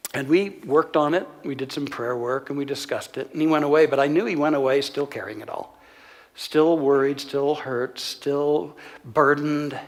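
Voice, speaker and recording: Earnest man preaching in a reverberant church. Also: medium pitch. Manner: earnest, measured storytelling with frequent "uh" pauses. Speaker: minister. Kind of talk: sermon, telling a counseling story. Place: church sanctuary.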